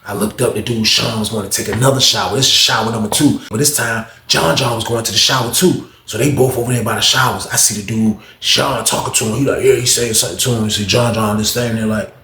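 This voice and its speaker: A man's voice: lowish voice, steady tone, quick pace, hardly any pauses, pushed and bright, a little hiss or hum. A man casually telling a long story, rambling and repeating phrases while addressing listeners as y'all. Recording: roomy echo.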